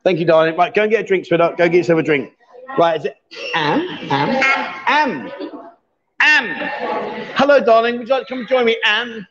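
A man's voice: high voice, fairly quick, pauses often, highs cut off, crowd noise. A man hosting a live stream, chatting casually and teasing his guests. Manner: joking, teasing.

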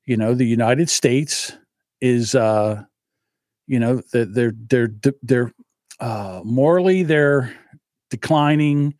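A man's voice: mid-range voice, no echo, studio quality. A man co-hosting a podcast in casual political chat, blunt and joking, rambling with restarts. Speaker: podcast co-host.

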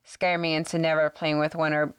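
A woman's voice: low-pitched, level tone, fairly quick, smooth, dry recording. A woman from San Antonio, Texas, co-hosting a podcast and telling a spooky story in a rambling way, with lots of fillers and swearing. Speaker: podcast co-host. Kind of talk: casual chat, ghost story telling.

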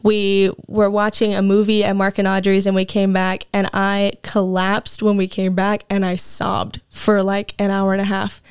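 A woman's voice: medium pitch, clear, resonant tone, dry recording, studio quality. A young woman, a Bible school student, giving an earnest, emotional personal testimony as an interview guest, often saying "like". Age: young adult. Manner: earnest, emotional, frequent "like" fillers.

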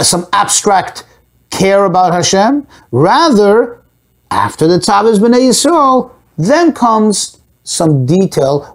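A man teaching a Torah class, explaining a text with rhetorical questions and Hebrew and Yiddish terms mixed into his English. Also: sits high. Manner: animated, asks and answers his own rhetorical questions.

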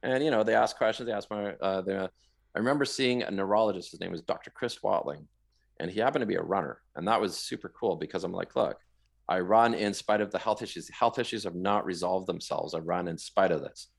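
A man from Canada, a guest in an interview, telling his story in a rambling, animated way, often repeating words. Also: low-pitched, fairly quick, gravelly.

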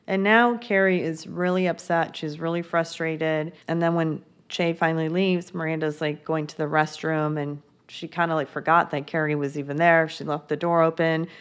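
A young woman with a notably low voice recaps a TV episode. She talks casually and chattily, full of "like" fillers and gossipy asides. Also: fairly even intonation, normal speed, hardly any pauses, clean tone. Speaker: TV recap host.

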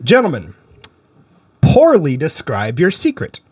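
Playful, husky-voiced man teasing. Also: fairly high pitch, wildly swooping pitch, unhurried, darkish tone. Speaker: podcast co-host. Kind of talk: casual comedic banter.

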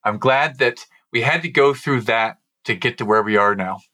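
A man's voice: mid-range voice, moderate pace, sharp tone. A man hosting a podcast, asking reflective, earnest questions in a conversational way. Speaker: podcast host.

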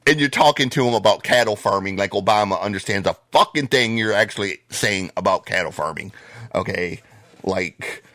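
A man's voice: on the low side, animated, moderate pace, pushed and bright, no room sound. Man, podcast co-host, foul-mouthed ranter, dry close sound. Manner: profane, ranting, worked up. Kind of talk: casual podcast chat.

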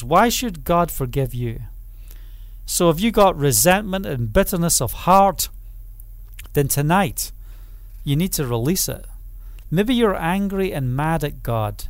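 A man preaching a sermon with fervor, calling out hallelujah and amen, rising to loud proclamation and dropping to quiet, low passages. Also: no echo. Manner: fervent, repeats phrases, calls out hallelujah and amen.

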